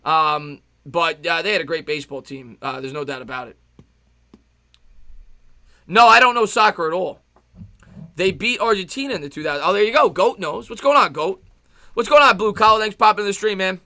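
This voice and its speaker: Host type: fired-up New guy, high, piercing voice, dry close mic, live play-by-play. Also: dry recording. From New York. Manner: loud, passionate, fast-talking. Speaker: livestream sports host. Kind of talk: live play-by-play and chat reaction.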